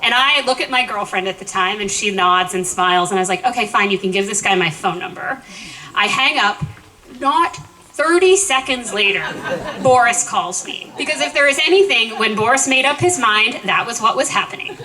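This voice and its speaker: A woman in her forties telling a lively, self-deprecating personal story at a memorial. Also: fairly high pitch, moderate pace, poor audio. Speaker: eulogist.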